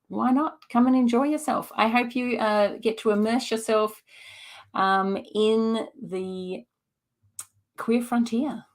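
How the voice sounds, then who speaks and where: A woman, a festival director hosting a live-streamed preview and answering chat questions off the cuff, hesitant with many ums. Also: on the high side.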